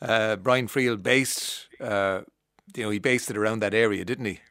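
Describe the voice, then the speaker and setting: A man's voice: on the low side, moderate pace, fairly bright tone, dry recording, studio quality. A man hosting a radio interview. He is jovial and teasing, and he often repeats his phrases. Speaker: radio host.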